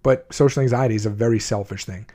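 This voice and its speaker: A fairly low, dark voice and a fast pace mark this adult man, at least in his twenties, as he opens up to viewers about his life. He is blunt and emotional, restarting sentences often during his candid storytelling.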